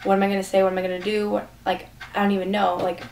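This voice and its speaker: A woman's voice: medium pitch, little pitch movement, racing, darkish tone. A teenage girl telling a rambling, gushing story for her vlog, full of "like" fillers. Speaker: vlogger. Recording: distant mic with faint room noise.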